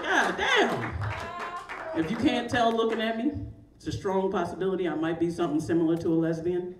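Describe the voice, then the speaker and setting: A woman's voice: lowish voice, animated, brisk. A woman in her forties from Baltimore, Maryland, doing a stand-up comedy set in front of a live audience, brash and profane and laughing often. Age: 40s. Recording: echoey room, mic at a distance, noisy.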